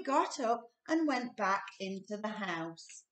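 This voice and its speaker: Slow, lively woman reading a children's book. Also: mid-range voice. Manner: expressive, with sound effects. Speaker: storybook reader. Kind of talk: children's picture book read-aloud. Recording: echoey room, distant mic.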